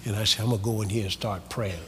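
A man's voice: lowish voice, fast talker, big-room sound, a little hiss or hum. A man preaching a sermon, leading the congregation in call-and-response. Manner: lively, call-and-response preaching with quoted voices.

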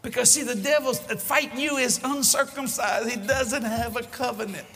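An older man preaching a sermon, fervent and folksy, often shouting as he tells stories. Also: very high voice, normal speed, soft background music. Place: large church hall with congregation. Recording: echoey live hall recording with crowd and noise.

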